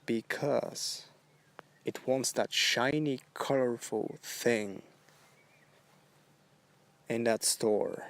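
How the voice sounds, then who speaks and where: A man hosts a solo podcast monologue with a gravelly, creaky edge to his voice. He talks at a very slow crawl, rambling and halting through drawn-out phrases. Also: mid-range voice, fairly even intonation, fairly bright tone. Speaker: podcast host.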